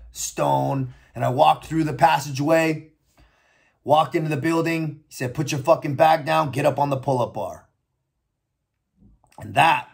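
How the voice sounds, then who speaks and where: Gravelly, husky American man telling a story. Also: a little high. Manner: blunt, profane, reflective. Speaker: storyteller recounting his own experience. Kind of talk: personal storytelling monologue.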